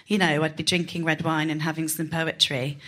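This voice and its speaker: A woman's voice: deep voice, flat delivery, fairly quick, a bit bright. A woman chatting casually as a podcast guest, talkative and self-mocking, with laughing asides. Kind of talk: casual chat.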